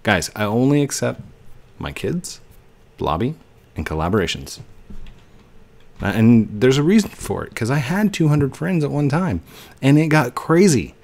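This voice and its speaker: A man's voice: medium pitch, big pitch swings, measured pace, creaky, long pauses, a little mellow. A man giving playful, chatty commentary on a game he is playing and talking to himself as he goes. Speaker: gaming YouTuber. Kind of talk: gameplay commentary.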